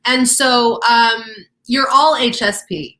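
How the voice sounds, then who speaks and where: A woman's voice: on the high side, slow, sharp tone. Earnest woman co-host explaining steps. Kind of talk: casual teaching chat.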